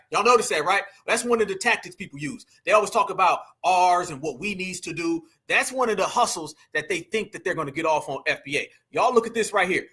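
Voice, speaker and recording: Bright high-voiced man mocking a clip. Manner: mocking, emphatic, talks to viewers as family. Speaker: commentary channel host. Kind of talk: reaction commentary.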